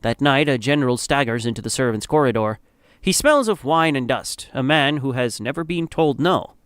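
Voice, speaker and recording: A man's voice: medium pitch, animated, moderate pace, fairly bright tone, clean tone, no echo, studio quality. A man narrating a dramatic story in the second person, in a grave, somber manner.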